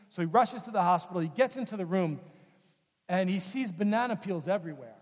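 A high-voiced male pastor preaches in an earnest, conversational way and leans on repeated phrases. His voice carries a long hall reverb. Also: lively intonation, fast. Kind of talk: sermon.

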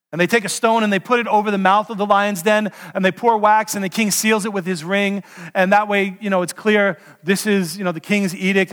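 A male pastor delivering a sermon, telling the story with animated storytelling and asking listeners pointed questions. His voice sits high for a man. A long hall reverb hangs after his phrases.

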